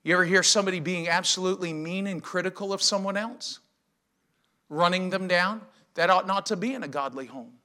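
A middle-aged male pastor delivers a sermon with emphatic conviction, often turning to rhetorical questions. His voice sits high for a man and cuts through with a bright, forceful edge. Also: brisk.

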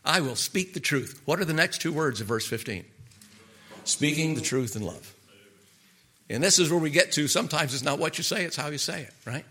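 Middle-aged man, pastor preaching in a folksy, questioning way; bright, ringing voice pitched a little high. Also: a little fast, breathy edge. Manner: folksy, asks the listeners rhetorical questions. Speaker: pastor and marriage counselor. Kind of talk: conversational sermon.

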